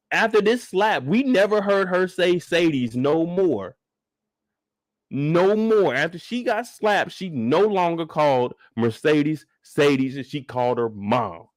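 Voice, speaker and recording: A man hosting a live after-show stream, reacting to a TV episode in animated, joking, casual commentary aimed straight at his viewers. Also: high-pitched, dry recording, studio quality. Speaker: host reviewing a TV episode.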